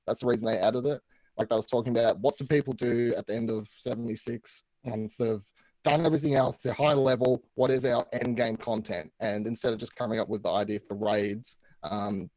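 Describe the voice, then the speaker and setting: A man talking as a guest on a casual panel chat, rambling and thinking out loud as he goes. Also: on the low side, fairly even intonation, fairly quick, dry recording, low-quality recording.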